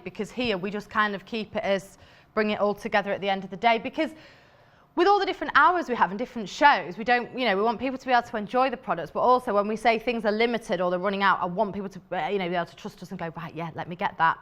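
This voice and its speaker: A British woman hosts a live shopping channel show about fabrics. She chats enthusiastically and fills her talk with asides and fillers. Her voice sits at an ordinary middle pitch. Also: a bit bright. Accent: British English. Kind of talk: live sales presentation.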